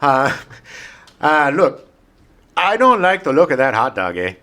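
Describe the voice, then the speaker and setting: A man's voice: a little high, very animated, a little slow, bright, forceful tone, exaggerated voice. A man putting on a friendly Canadian character with a mock Canadian accent and a sing-song "eh" at the end of lines. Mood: mock-stern. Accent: Canadian, put on. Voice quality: exaggerated sing-song eh at line ends.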